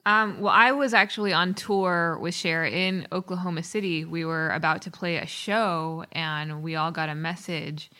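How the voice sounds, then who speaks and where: A woman's voice: on the low side, steady tone, moderate pace, hardly any pauses, pushed and bright. A woman guest musician answering interview questions casually, rambling with many fillers.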